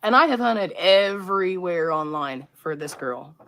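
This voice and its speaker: A woman's voice: lowish voice, lively intonation, a little slow, fairly bright tone. A woman hosting a live stream, talking to her chat in a rambling, conspiratorial way and often interrupting herself. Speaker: livestream host.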